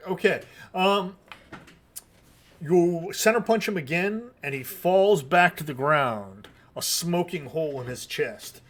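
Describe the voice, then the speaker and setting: A man narrating combat as game master of a tabletop game, in a deliberate, measured way. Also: on the high side.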